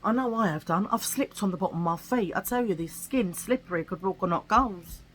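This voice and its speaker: A woman's voice: medium pitch, brisk, slight background noise, rough recording. A woman from England, chatting casually and animatedly in a vlog about her shopping finds. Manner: chatty and animated, with slangy asides. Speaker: vlogger. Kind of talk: casual chat.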